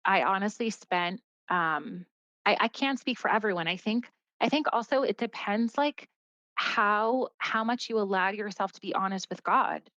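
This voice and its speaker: A woman's voice: mid-range voice, moderate pace, sharp tone, no echo. A woman speaking as a podcast guest, telling a personal story in an earnest, casual way and often saying "like.". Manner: earnest, heavy use of "like" as a filler. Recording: dull, dry, slightly lo-fi audio.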